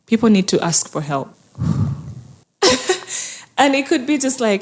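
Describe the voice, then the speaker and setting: A woman's voice: fairly high pitch, big pitch swings, measured pace, long pauses, darkish tone. A woman mental health therapist speaking as an interview guest, earnest and encouraging, often acting out people's inner thoughts. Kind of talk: conversational interview.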